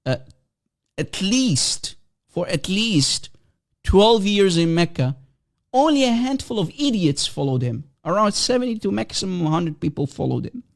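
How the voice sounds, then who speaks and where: Gravelly high-voiced man taunting on a livestream. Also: big pitch swings, unhurried. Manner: mocking, taunting, rhetorical questions. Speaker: livestream host. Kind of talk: combative livestream monologue.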